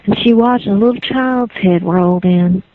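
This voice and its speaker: A woman's voice: mid-range voice, normal speed, no echo. A woman telling a folk tale in a rhythmic, repetitive, folksy way. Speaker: storyteller. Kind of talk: oral folk storytelling. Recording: dry, phone-like lo-fi recording.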